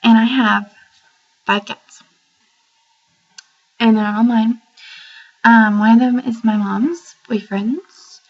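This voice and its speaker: Slow, husky young woman, awkward. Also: a little high, steady tone, highs cut off. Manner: awkward, rambling, self-conscious. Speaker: vlogger. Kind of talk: casual home video message. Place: family home, near the kitchen.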